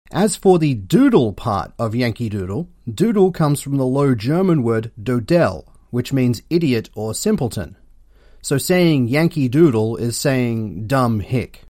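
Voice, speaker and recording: A man with an Australian accent hosting a comedic history podcast, delivering sarcastic, deadpan jokes. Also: mid-range voice, dry recording, clean studio sound. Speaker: podcast host.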